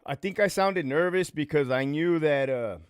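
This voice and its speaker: A man's voice: a little high, normal speed, clean tone, dry recording, studio quality. A man in his forties, a former prison lieutenant, telling stories on a casual livestream in a blunt, profane way with lots of repetition. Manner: profane, blunt, emphatic with repeated phrases. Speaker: former prison lieutenant turned online host.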